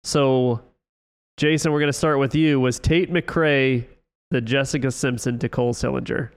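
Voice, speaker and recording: A man's voice: medium pitch, steady tone, moderate pace, clear, resonant tone. A man hosting a casual sports panel game show, teasing his panelists in a playful way.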